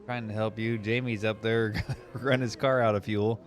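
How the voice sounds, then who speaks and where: A man commentating an online sim race he is driving in, narrating the action in casual, excitable chat. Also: on the low side, normal speed. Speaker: sim racing commentator and driver.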